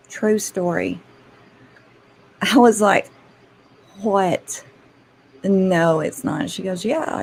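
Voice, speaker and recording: A woman's voice: mid-range voice, a little hiss or hum, poor audio. A woman, a grandmother and channel host, chatting casually and laughing often as she tells stories to her viewers. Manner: chatty, laughs often, addresses listeners as y'all.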